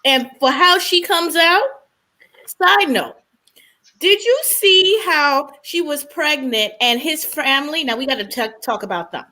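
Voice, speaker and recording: A woman's voice: high voice, moderate pace, hardly any pauses, pushed and bright. A woman chatting casually as a co-host, sassy and opinionated as she reacts to a reality show. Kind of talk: casual chat.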